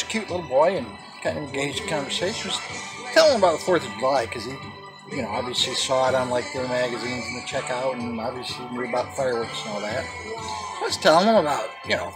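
Middle-aged male vlog host, gravelly, lively pitch, corny jokester, music bed underneath. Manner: corny, jokey pun-telling delivery. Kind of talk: comedic vlog monologue.

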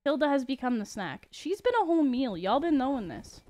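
Giggly high-voiced woman streamer. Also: sing-song, a little fast, dark tone. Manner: giggly, playful, chats with viewers. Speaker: game streamer. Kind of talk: casual gaming commentary.

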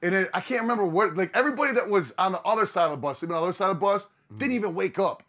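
Profane, animated man telling a road story. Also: high-pitched, very fast. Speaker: podcast host. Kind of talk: casual storytelling chat.

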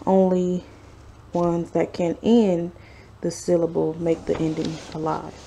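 A woman's voice: fairly low pitch, warm tone, a little hiss or hum. A young woman vlogging from home, reading her study notes aloud in a casual, hedging way and often saying she is unsure. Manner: unsure, hedging, chatty with fillers. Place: at home, sister snoring nearby.

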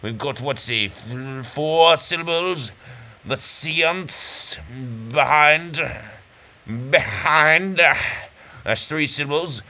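A man's voice: on the high side, lively intonation, takes it slowly, pushed and bright. A man giving casual, rambling, self-mocking commentary over a brain-training game. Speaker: gameplay commentator.

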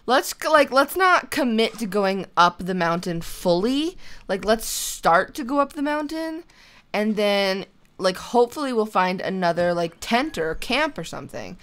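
A chatty young woman narrating her own survival game as she plays. She thinks out loud in an easy, conversational way and now and then talks to her character. Her voice sits at an ordinary middle pitch. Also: sing-song, unhurried, clear, resonant tone. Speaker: gaming channel host. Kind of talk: casual let's-play commentary.

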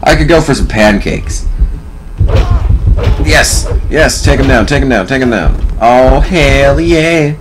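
A young man giving casual, profane gameplay commentary, sarcastic and prone to loud outbursts. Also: mid-range voice, slow, music in the background, poor audio. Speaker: let's play commentator.

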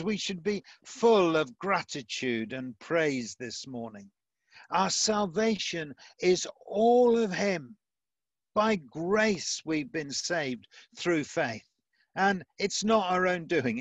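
A man preaching a sermon over a video call in a slow, deliberate way, leaning on his key words. His voice sits a little high for a man, and the sound is dry and close, with no room echo. Now and then he slips in a touch of light humour. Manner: measured, emphatic, with light humour. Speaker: pastor.

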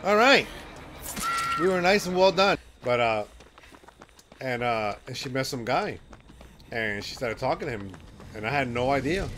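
A man's voice: medium pitch, background noise. A man streaming a horror game, chatting, joking and laughing often as he plays. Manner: laughs often, playful trash talk. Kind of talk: live gaming commentary and storytelling. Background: game music.

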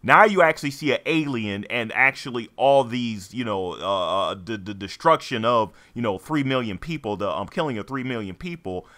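A man's voice: mid-range voice, expressive, moderate pace, few pauses, bright, forceful tone. A man co-hosting a podcast, chatting casually and rambling with many fillers and restarts. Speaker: podcast co-host. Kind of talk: casual chat.

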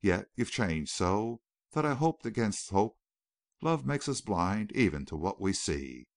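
A man playing a gentle, earnest young war veteran in an audiobook. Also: on the low side, very animated, a little slow, no room sound, studio quality.

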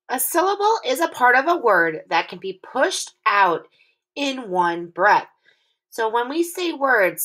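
With a medium-pitched, fairly bright voice, this teacher patiently encourages young kids through phonics, stretching each sound slowly and clearly.

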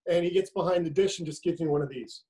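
Man recounting pitching stories. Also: fast, dark tone, rough recording. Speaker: former pitcher, guest. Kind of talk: storytelling on a video call. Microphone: video call.

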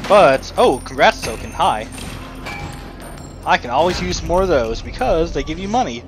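A let's play commentator with a slightly high, very animated voice talks at a moderate pace while gaming, with game music behind him. He rambles casually, chatting to himself and throwing frequent asides at the game.

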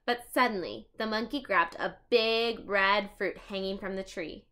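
A woman's voice: medium pitch, unhurried, bright, forceful tone. A woman reading a children's chapter book aloud, adding chatty asides.

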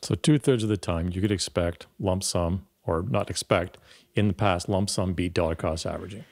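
A man's voice: deep voice, normal speed, vocal fry, a little mellow. A man with a Canadian accent co-hosting a podcast in casual chat, summing up his partner's points in brief remarks. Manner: short prompts and summaries of the other's points. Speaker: podcast co-host.

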